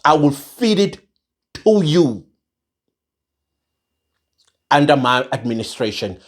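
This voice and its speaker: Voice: mid-range voice, big pitch swings, takes it slowly. An angry online commentator with a South African accent, mixing in isiZulu, ranting to viewers with emphatic repeated phrases. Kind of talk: impassioned rant to viewers.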